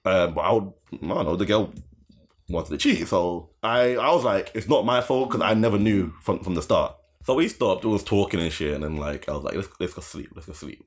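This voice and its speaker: A man's voice: sits low, a little fast, slightly rough. A young man telling a long story in casual podcast chat. He rambles, swears, laughs often and acts out the voices in his story.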